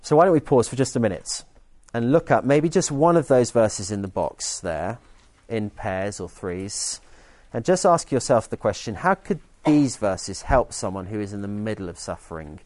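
A man's voice: lowish voice, lively intonation, moderate pace, a little mellow. A man preaching a sermon in an earnest teaching tone, often restarting his sentences. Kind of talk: sermon with group activity.

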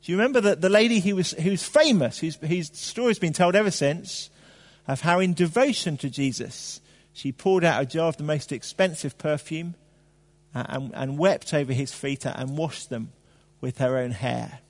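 A man's voice: a little high, normal speed. Male preacher, chatty sermon delivery, rhetorical questions, reverberant church hall. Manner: animated, conversational preaching with fillers and rhetorical questions.

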